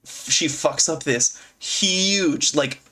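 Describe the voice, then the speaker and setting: A man's voice: a little high, takes it slowly, sharp tone. Giggly, rambling man on a podcast. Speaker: podcast co-host. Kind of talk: casual podcast chat. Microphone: own mic, muting at times.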